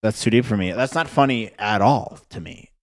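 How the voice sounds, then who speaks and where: A man's voice: on the low side, normal speed, dry recording, clean studio sound. A man hosting a casual podcast chat, blunt and sweary, reading captions aloud. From United States. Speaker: podcast host.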